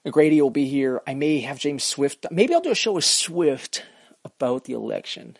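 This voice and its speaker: A man's voice: medium pitch, sing-song, moderate pace, vocal fry, husky, no echo. A man hosting his own podcast, rambling through a profane, self-mocking solo rant. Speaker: podcast host.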